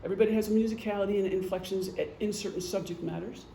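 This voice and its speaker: Middle-aged woman presenter, warm dark tone, joking and chatty, recorded in an echoey room. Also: medium pitch, steady tone, very fast, vocal fry, a little hiss or hum. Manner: chatty, joking, acts out gestures. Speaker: presenter, retired police officer and veteran. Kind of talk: casual lecture.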